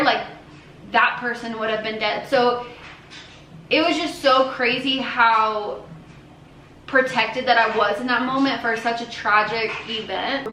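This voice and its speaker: A young family vlogger tells her viewers a personal story in a casual, earnest way, full of fillers and restarts. Her voice is a little high, pushed and bright. She's recorded in an echoey room with faint ambience and slight background noise.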